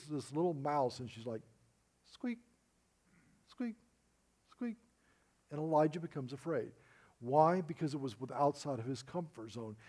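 A man's voice: mid-range voice, darkish tone. A man preaching a sermon, reading scripture and telling stories with quoted dialogue. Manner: earnest storytelling, quoting others in dialogue.

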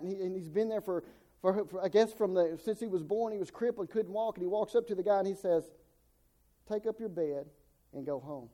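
A man delivers a sermon in a homespun style, doubling back on his words and voicing the people in his stories. His voice sits high for a man, yet its tone is mellow and dark. He sounds middle-aged. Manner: folksy, repeats words and restarts, acts out quotes. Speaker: preacher.

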